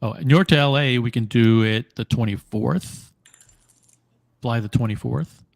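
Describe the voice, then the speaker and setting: Podcast co-host, male, animated and repetitive, dry close studio mic. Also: mid-range voice, a little slow, vocal fry, no echo. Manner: animated, riffing, repeats himself. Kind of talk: casual panel chat.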